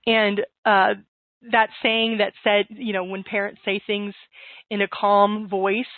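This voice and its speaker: A woman giving calm, steady divorce-coaching advice in an interview, with frequent fillers. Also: mid-range voice, slow pace, no echo, narrow, tinny audio.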